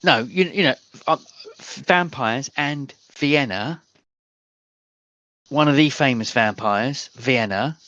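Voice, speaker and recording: A man voicing a sharp-tongued, know-it-all woman agent with a light Welsh accent, dismissive and scornful. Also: medium pitch, slow pace, dry recording, lo-fi sound, pitched above the performer's own voice.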